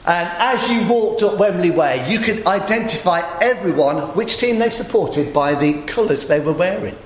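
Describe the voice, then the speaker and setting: A man preaching a sermon in a conversational storytelling way, his voice a little groggy and hoarse. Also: high-pitched, animated, moderate pace, reverberant, slight background noise.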